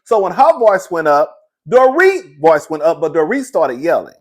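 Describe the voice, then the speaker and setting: A man's voice: on the high side, big pitch swings, normal speed. A young man recapping a reality show in casual, sassy commentary, laughing often and calling the listener "girl".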